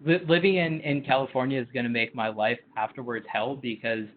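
A man's voice: mid-range voice, steady tone, a little fast, a little hiss or hum. A man co-hosting a podcast in casual chat, rambling with lots of filler words. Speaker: podcast co-host. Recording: tinny phone-like line.

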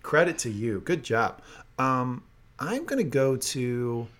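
A man's voice: medium pitch, big pitch swings, takes it slowly, fairly bright tone, a little hiss or hum. A man co-hosting a casual podcast and announcing his picks like a host.

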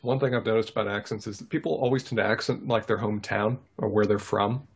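Fast husky man from North Carolina. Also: fairly low pitch, steady tone. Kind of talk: casual chat.

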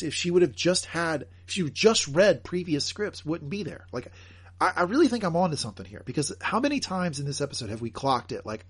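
A man co-hosting a podcast and recapping an episode in casual chat, animated, joking and emphatic. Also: a little high, husky. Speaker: podcast co-host.

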